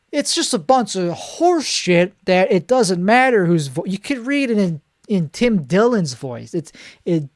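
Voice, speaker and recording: A male comedian in a solo monologue, rambling in a deadpan way and correcting himself mid-sentence. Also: high-pitched, no room sound, studio quality.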